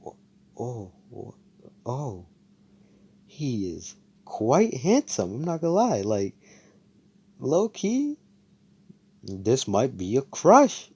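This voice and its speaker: A man's voice: medium pitch, wildly swooping pitch, drawn-out words, pauses often, mellow, breathy edge, full character voice. A man voicing a shy young woman gushing over her crush in a flustered way. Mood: swooning.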